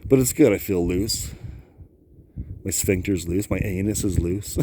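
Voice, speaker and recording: A man's voice: low-pitched, a little slow, warm tone, a little hiss or hum. Rambling man vlogging outdoors in the cold. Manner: rambling, laughs often, self-talk. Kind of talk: casual rambling vlog. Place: outdoors on a high lookout, cold.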